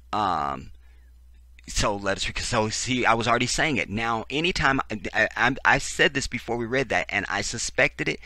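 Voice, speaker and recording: Medium in pitch, this man's voice sounds pushed and bright, with no echo around it. He hosts a crude, sarcastic political rant, reading text out loud and cutting in with fiery responses.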